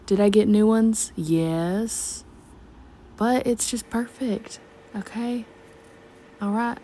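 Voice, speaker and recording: A woman's voice: mid-range voice, takes it slowly, dark tone, a little hiss or hum. A woman narrating her painting in a chatty, scattered late-night voiceover, talking to herself and slipping in and out of a country twang. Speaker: art vlogger. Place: at home at night.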